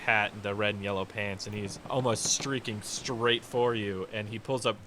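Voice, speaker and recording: A man narrating a tabletop game as game master, describing scenes in a relaxed, rambling way. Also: on the low side, moderate pace, crowd noise. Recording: noisy home recording.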